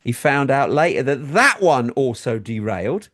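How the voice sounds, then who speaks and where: A middle-aged man from England, telling a story in casual chat as a talk show co-host and doing high voices for quoted people. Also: very animated, moderate pace, a bit bright.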